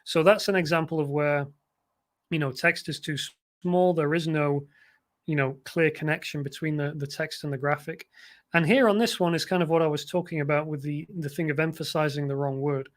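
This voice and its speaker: Male livestream tutor, slightly raised pitch, conversational critique, chuckles now and then. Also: steady tone, brisk. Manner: conversational, frequent restarts, occasional chuckles. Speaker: design educator hosting a livestream.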